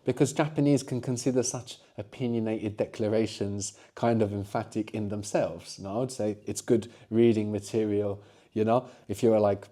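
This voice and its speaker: A man's voice: fairly low pitch, fairly even intonation, normal speed, mellow. A middle-aged man teaching a language lesson, explaining patiently and often checking in with short tag questions.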